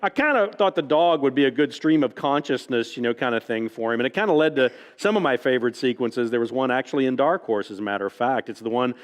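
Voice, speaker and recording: A man's voice: medium pitch, expressive, quick pace, hardly any pauses. A man speaks to a live audience as a visiting author, spinning loose, chatty anecdotes full of "like" and "you know." He often chuckles at his own punchlines, and his mid-range voice rings out with a long reverb in a large library hall. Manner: rambling and self-amused, heavy on fillers like "like" and "you know".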